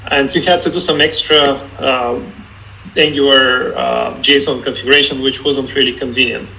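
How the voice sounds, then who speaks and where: A man calmly answering technical questions as a guest in an online Q&A, explaining step by step. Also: mid-range voice, moderate pace, vocal fry, a little hiss or hum, rough recording. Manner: calm, explanatory, some restarts. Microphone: video call.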